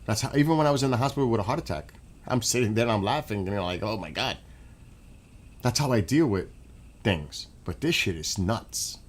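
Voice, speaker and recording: A man streaming and ranting in a casual monologue, animated and swearing. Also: on the low side, a little fast.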